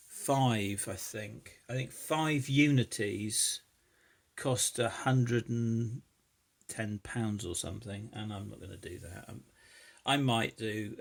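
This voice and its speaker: Gravelly man thinking aloud. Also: lowish voice. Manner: hesitant, thinking aloud with many fillers. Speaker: lockpicking hobbyist vlogger. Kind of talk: casual demonstration while picking a lock.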